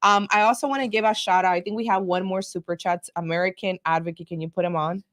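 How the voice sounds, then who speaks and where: A woman co-hosting a casual political chat show, blunt, sarcastic and quick to swear as she tells stories. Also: lowish voice. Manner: animated storytelling. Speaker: co-host.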